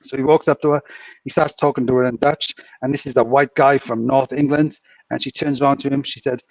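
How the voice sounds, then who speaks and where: A man's voice: medium pitch, level tone, a little fast, a little hiss or hum. Male co-host, chuckling rambling storyteller; muffled, distant, dry pickup. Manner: rambling, chuckling anecdote teller. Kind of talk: casual storytelling chat.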